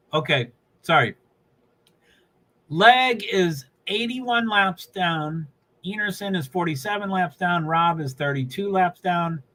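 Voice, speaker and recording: A man's voice: a little high, sharp tone, low-quality recording. A man from New England chatting casually on a livestream, rambling and laughing as he follows a race. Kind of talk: casual live commentary while watching a race.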